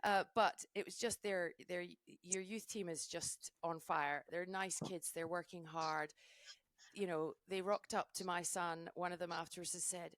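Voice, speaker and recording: A middle-aged woman, a ski mountaineering race commentator, chatting as a podcast guest in a gushing, animated way with many restarts. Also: on the low side, a little slow, no room sound. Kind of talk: casual podcast chat.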